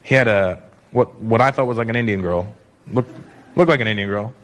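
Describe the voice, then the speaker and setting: A man from Canada doing stand-up comedy, chatting playfully with the crowd in an animated way. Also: on the low side, fairly quick.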